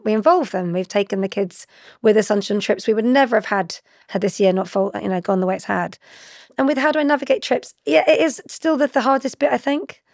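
Gravelly, chatty woman. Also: medium pitch, dry recording, studio quality. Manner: chatty, animated, laughs often. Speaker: guest. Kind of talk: conversational interview.

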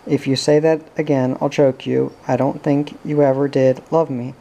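Francie, a fiercely loving young woman, pleads and insists in a low, gravelly, mellow tone. Her lines come out in an even, level way, as part of a storybook reading, with a man voicing her. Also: normal speed, muffled recording. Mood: angry. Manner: pleading, emotional. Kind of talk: audiobook character reading.

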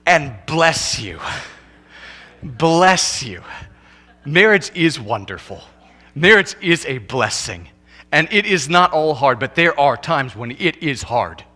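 A man pastor preaching a sermon in a church, animated, swinging from loud emphatic lines to quiet low ones, and acting out couples' lines in quick comic voices.

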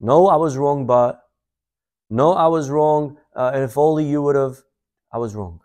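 A man's voice: medium pitch, normal speed, a little mellow, lightly acted. A man voicing a brash man who is curt and dismissive. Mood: apologetic. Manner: brusque, then contrite. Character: brash man who later apologizes humbly.

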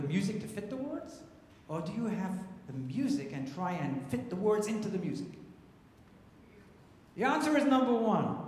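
A man's voice: high-pitched, a little mellow. Cantor guy lecturing a crowd, joking around, big echoey sanctuary with long reverb. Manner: chatty and humorous, teaching with asides to the audience. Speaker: cantor and composer. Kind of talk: storytelling lecture to a synagogue audience. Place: large synagogue sanctuary.

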